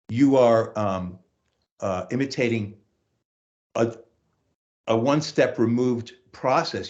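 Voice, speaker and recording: A man who teaches voice, talking through lessons and telling anecdotes in a relaxed interview. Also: medium pitch, muffled recording. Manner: storytelling, acts out quotes, restarts often.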